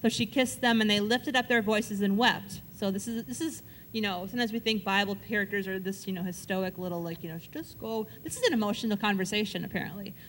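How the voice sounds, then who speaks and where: A Bible teacher with a medium-pitched, fairly bright voice speaks briskly, with a little hiss or hum on the recording. She leads a Bible study, reading verses aloud and explaining them in a casual, conversational way while often checking in with her listeners.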